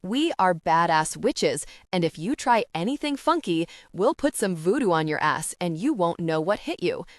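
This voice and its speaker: A woman's voice: fairly low pitch, big pitch swings, normal speed, few pauses, no echo, studio quality. Woman voicing a sassy young witch. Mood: feisty. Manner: blunt, sassy. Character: feisty young female witch, brash and protective. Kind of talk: audiobook character reading.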